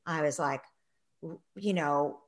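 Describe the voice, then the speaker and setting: A middle-aged woman telling a story in a conversation, acting out quoted voices and sinking to a soft near-whisper in reflective moments. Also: sits low, slow pace. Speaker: guest, parenting author.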